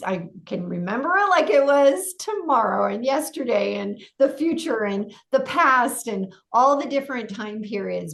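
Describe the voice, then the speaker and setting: A middle-aged woman, a coach and podcast guest, telling a personal story vividly and acting out her own inner voice. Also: mid-range voice.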